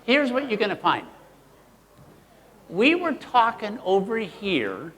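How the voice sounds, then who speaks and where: A man presenting a live workshop, playful and animated, quizzing the audience as he teaches. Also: high voice, takes it slowly, long reverb tail, a little hiss or hum. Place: seminar room with an audience.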